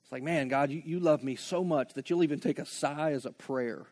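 A man preaching a sermon with passion, moving from hushed reflection to loud, rising appeals. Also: a little high, fairly quick. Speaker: pastor.

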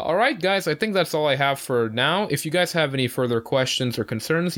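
A man's voice: medium pitch, a bit bright. A man, host of the podcast, running through casual outro announcements in an offhand, self-deprecating way.

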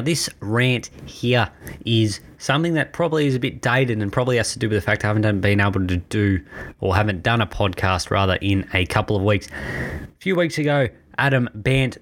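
A man's voice: on the low side, fairly bright tone. Blunt, fired-up Australian man. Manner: passionate, blunt, combative. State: a little out of breath at times. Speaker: podcast host. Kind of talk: opinionated political podcast rant. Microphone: own home podcast mic.

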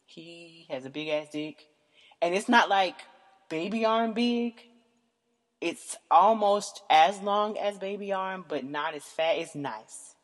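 Frank, rambling woman with a lowish voice. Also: slow pace. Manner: rambling, frank and profane, lots of fillers. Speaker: podcast host. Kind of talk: casual candid monologue. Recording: long hall reverb.

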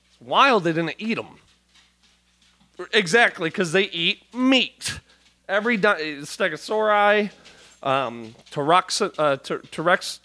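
A man's voice: fairly high pitch, bright, forceful tone. A man hosting a comedy podcast, talking in a profane, rambling way with lots of restarts into a studio mic. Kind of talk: casual comedic banter. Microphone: studio mic with headphones.

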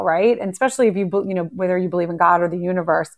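A woman's voice: lowish voice, racing. Affirming female interviewer. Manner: affirming, reflective. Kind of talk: conversational interview.

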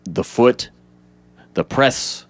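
Animated man retelling a movie scene by scene. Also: drawn-out words, dry recording. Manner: animated retelling, acts out quotes in high voices; swears freely. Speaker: podcast co-host. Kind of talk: casual movie breakdown chat.

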